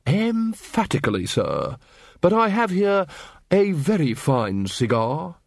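A proper old manservant, played by a man, speaks in formal, deferential phrases. His pitch climbs and drops sharply, lifting on a question and sinking on the final sir. The recording is dry and close. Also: huge pitch swings, slow pace, creaky, no room sound, exaggerated voice. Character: formal elderly male butler, deferential and unflappable.

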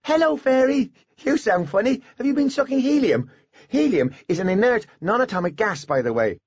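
A man's voice: extremely high pitch, very animated, moderate pace, slightly rough, dry recording, dull audio, voice pushed up, exaggerated voice. A man voicing a precocious, pompous little boy genius who talks like a fussy know-it-all. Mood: smug.

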